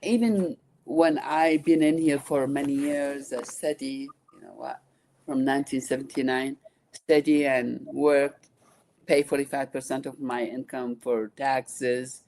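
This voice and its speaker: A woman in her sixties from Iraq with an Iraqi accent, a nonprofit founder speaking earnestly and haltingly as an interview guest. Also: a bass voice, steady tone, darkish tone. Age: 60s. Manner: halting, earnest, restarts often. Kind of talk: interview conversation.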